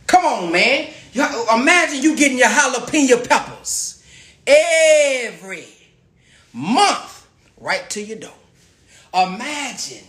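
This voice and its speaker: A man hosting a live stream, pitching a farm venture to his viewers in an emphatic, repetitive way that keeps calling out to the audience. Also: big pitch swings, takes it slowly, a bit bright, reverberant. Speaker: livestream host promoting a farm venture.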